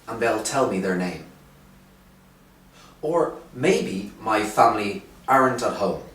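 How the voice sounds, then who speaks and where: A man teaching an English lesson, speaking slowly and clearly with emphasis on key phrases. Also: lowish voice, animated, fairly bright tone, recorded from a distance. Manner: slow, clear, drawn-out teaching with rising emphasis. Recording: roomy echo, voice from off the mic.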